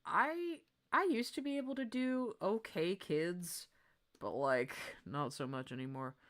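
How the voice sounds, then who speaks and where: A young woman streamer chatting as she sketches, excitable and gushing, with frequent laughter. Her voice sits low but swings widely in pitch, so she keeps jumping between murmured asides and bright squeals. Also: unhurried. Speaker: art streamer. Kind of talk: casual livestream chat while drawing.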